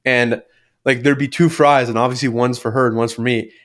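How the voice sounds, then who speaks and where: A young man co-hosting a podcast, telling animated, sweary stories about his family. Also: brisk. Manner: animated, sweary, acts out family members in shrill voices. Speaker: podcast co-host. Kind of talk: casual chat.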